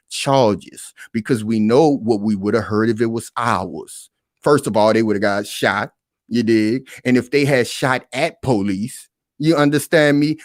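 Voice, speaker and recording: A man with a mid-range voice speaking pauses a news clip over and over to break it down for his viewers. He talks with heavy emphasis, repeats his points and keeps calling on his audience. The recording is dry, with almost no room sound. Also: mid-range voice, a little mellow, no echo. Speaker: commentary host reacting to a news clip. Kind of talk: reaction commentary.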